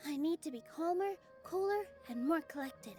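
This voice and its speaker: A woman reading game dialogue aloud in an earnest, steady way. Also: high voice, moderate pace, soft background music.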